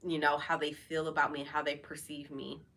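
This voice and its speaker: A woman with a bright, forceful voice, pitched a little low, talks openly to camera in a loose, chatty way. Her speech is full of fillers and restarts as she hosts her own relaxed vlog. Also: a little fast. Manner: candid and chatty, many fillers. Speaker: vlog host. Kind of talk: casual personal talk over wine.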